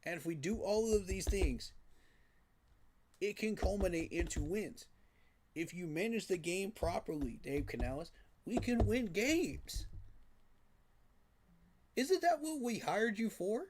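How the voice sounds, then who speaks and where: A man's voice: high-pitched, expressive, measured pace, pauses often, a little mellow. A man giving a frustrated, emphatic postgame reaction rant, repeating his points for emphasis. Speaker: sports fan commentator.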